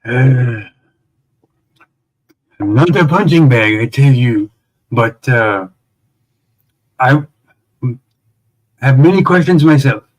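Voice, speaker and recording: A man plays his character at a tabletop game, speaking hesitantly and filling gaps with ums and uhs. He talks slowly and takes his time. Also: mid-range voice, animated, low-quality recording. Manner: hesitant, halting, many fillers. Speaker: player. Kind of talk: in-character tabletop role-play.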